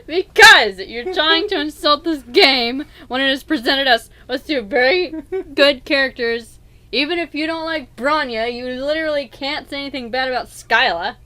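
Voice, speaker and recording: A woman's voice: high-pitched, moderate pace, sharp tone. A woman hosting a let's play in casual chat, arguing emphatically and rambling through restarts.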